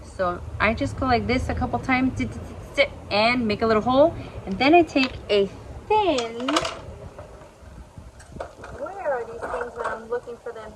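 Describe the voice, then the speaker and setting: A woman's voice: fairly high pitch, a little hiss or hum, poor audio. A woman chatting enthusiastically to her viewers as she shows a hobby project outdoors. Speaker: orchid vlogger. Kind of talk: casual chatty demonstration. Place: outdoors in the sun and wind.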